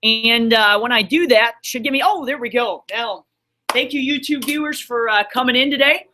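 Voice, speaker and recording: A man's voice: very high-pitched, normal speed, sharp tone, a little hiss or hum. A man teaching a math class in a classroom, upbeat and encouraging as he quizzes his students. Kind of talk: classroom lesson streamed online.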